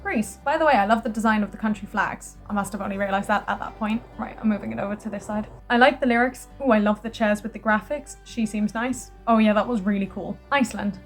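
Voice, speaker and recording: Chatty excitable young British woman vlogger. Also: mid-range voice, quick pace, few pauses, soft background music. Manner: chatty, excitable, frequent laughs and exclamations. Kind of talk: casual chat reading own notes.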